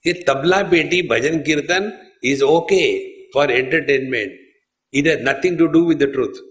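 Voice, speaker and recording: A man's voice: a little high, quick pace, a bit bright. A man, a swami giving a spiritual discourse, telling stories unhurriedly and addressing his listeners as friends. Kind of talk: sermon on scripture.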